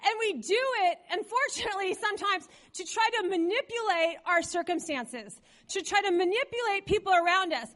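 A middle-aged woman pastor preaching a sermon in a church, dramatic and animated, acting out quoted voices. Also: very high voice, fairly quick, hardly any pauses.

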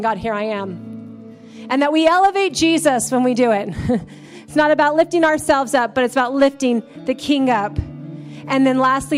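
A woman pastor preaching a sermon in a church, building to fervent, emphatic calls to praise. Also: sits high. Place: church sanctuary.

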